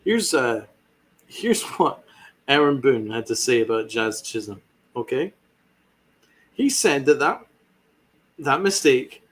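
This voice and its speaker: A man's voice: mid-range voice, sing-song, takes it slowly, pauses often, breathy edge. A man hosting a sports podcast, ranting with fiery sarcasm and heavy swearing. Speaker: podcast host.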